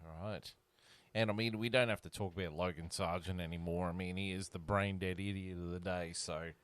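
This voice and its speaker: A man's voice: low-pitched, steady tone, a little fast, a bit bright, no room sound. A man hosting a casual podcast chat, blunt and stumbling over his restarts as he leads into news items.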